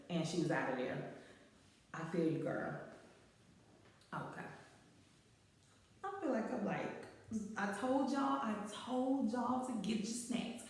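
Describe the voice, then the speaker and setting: A woman's voice: medium pitch, unhurried, pauses often, a little mellow, heavy reverb, long reverb tail, recorded from a distance. A woman hosting a talk show, chatting casually, laughing and repeating lines for emphasis as she reads out listener stories.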